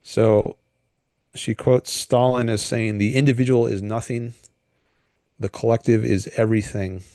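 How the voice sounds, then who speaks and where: A man hosting a solo livestream, talking through political ideas in a thoughtful, hesitant way with frequent pauses and restarts. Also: medium pitch, little pitch movement, mellow, no room sound, clean studio sound. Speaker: livestream host. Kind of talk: casual solo commentary.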